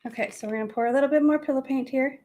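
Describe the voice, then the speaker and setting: High-voiced woman, chatty live paint-demo host, self-teasing. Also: racing, mellow, low-quality recording. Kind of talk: casual live-stream demo chat.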